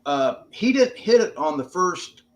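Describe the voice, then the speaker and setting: A man's voice: high-pitched, sing-song, measured pace, highs cut off. An older American man, a veteran guest on an interview podcast, telling stories in a plainspoken, casual way with some swearing. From United States.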